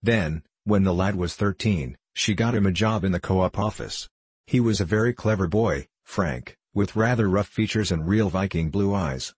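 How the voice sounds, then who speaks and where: A man reading a novel aloud as an audiobook narrator, in a steady, measured way. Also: sits low, husky, dry recording.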